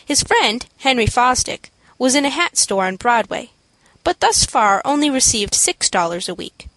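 Woman, audiobook narration, steady and clear, slightly high voice, dry close sound. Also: normal speed, dry recording, poor audio.

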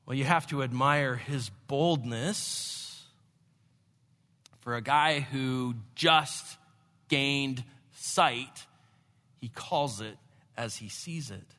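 A man preaching a sermon, expressive, moving between hushed and emphatic delivery. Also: medium pitch, extremely slow, long pauses. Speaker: pastor. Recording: long hall reverb.

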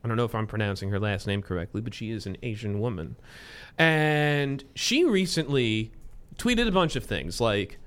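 A man's voice: lowish voice, animated, normal speed, a bit bright. A young man hosting a comedic podcast chat, sarcastic, sometimes slipping into a mock-newscaster delivery. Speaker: podcast host.

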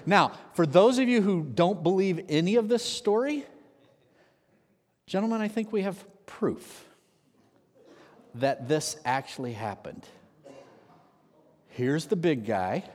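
A man preaching a sermon, telling a story with lively energy and acting out the quotes. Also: high-pitched, slow pace, long pauses. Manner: animated storyteller, acts out shouted quotes. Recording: long hall reverb.

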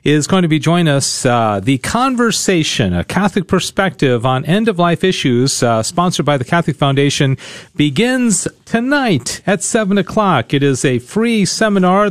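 A man's voice: fairly high pitch, lively intonation, moderate pace, no echo. A man hosting a live radio talk show, joking with his co-hosts and speaking with frequent fillers into a studio microphone.

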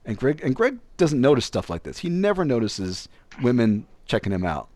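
Young male storyteller, lively pitch, dry close sound, casual delivery. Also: moderate pace, dry recording. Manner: animated, acts out other people's voices.

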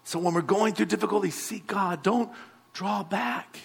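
A man's voice: sits high, moderate pace, vocal fry, husky. A male pastor, preaching a sermon and calling out to the congregation. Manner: exhorting, calls out to the congregation.

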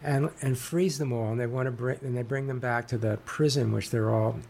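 Halting, gravelly-voiced man. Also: medium pitch, steady tone, a little mellow, slight background noise. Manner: halting, many fillers and restarts. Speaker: author guest. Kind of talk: interview conversation.

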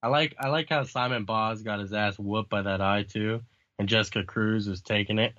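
A man's voice: fairly low pitch, steady tone, moderate pace, fairly bright tone, no echo, highs cut off. A man casually chatting about a comic book, swearing often and laughing along. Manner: profane, laid-back, laughing often.

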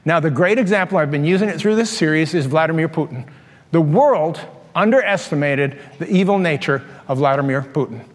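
A man in his sixties, a pastor, preaching a sermon full of personal stories, animated and quick to laugh at his own tales. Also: fairly high pitch. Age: 60s. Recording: long reverb of a large hall.

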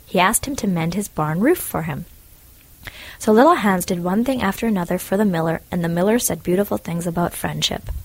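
A woman narrating a storybook in a calm, measured and plain way. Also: lowish voice, no room sound, low-quality recording.

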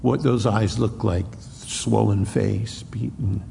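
A man preaching an expository sermon, acting out the Bible dialogue in a raised voice and dropping to a hushed tone on solemn lines. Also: fairly low pitch, steady tone, slow, creaky, long reverb tail, slight background noise. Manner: acts out the dialogue between Pilate and Jesus in a raised voice. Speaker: pastor.

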